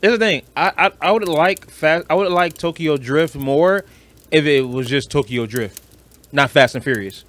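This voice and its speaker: A man with a Detroit accent, co-hosting a podcast in casual chat, blunt and animated, swearing freely. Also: fairly high pitch, normal speed. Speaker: podcast co-host.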